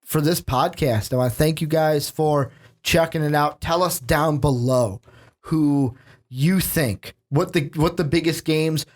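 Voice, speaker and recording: A man's voice: on the high side, unhurried. Chatty male sports podcast host. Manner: joking, animated, asks questions. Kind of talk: casual sports podcast chat.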